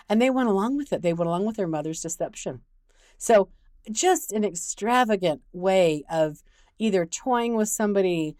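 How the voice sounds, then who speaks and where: Woman host, lowish voice, candid conversational advice talk, dry close sound. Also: a little mellow, dry recording. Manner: frank and conversational. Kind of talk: casual advice talk with storytelling.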